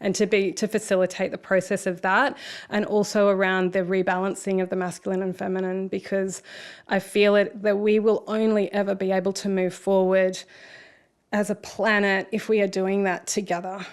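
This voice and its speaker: A woman's voice: mid-range voice, level tone, moderate pace, smooth. A woman in her forties with an Australian accent, a podcast guest telling stories in casual conversation and swearing freely. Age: 40s. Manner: frank storytelling with frequent swearing. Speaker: podcast guest, speaker and coach.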